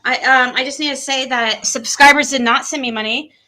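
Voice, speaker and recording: A woman's voice: sits high, fairly even intonation, fairly quick, sharp tone. A woman guest on a live stream, telling her side in a rambling way and often repeating and restarting. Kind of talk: casual live-stream chat.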